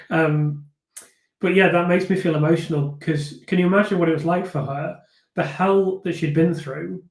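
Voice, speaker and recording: A man's voice: sits high, steady tone, measured pace. A man hosting a live stream, chatting casually and thoughtfully as he reads viewer comments, with frequent fillers and restarts. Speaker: host of a live viewer discussion. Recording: echoey room.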